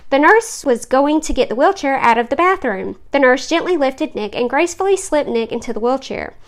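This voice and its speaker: A woman reading a story aloud in a plain, steady voice. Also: high-pitched, brisk. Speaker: story reader.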